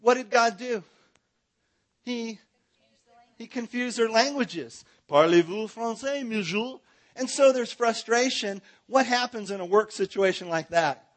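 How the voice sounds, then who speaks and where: High-voiced playful man teaching a Bible seminar. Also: a little slow, a bit bright. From Southern California. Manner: playful, jokey, coaxes the audience to join in. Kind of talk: lively live Bible seminar with audience participation.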